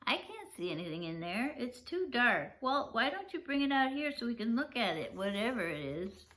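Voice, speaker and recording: A woman's voice: a little high, big pitch swings, normal speed, fairly bright tone. A woman voicing a flustered mother who fusses and scolds mildly. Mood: fussing. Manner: fussy, scolding.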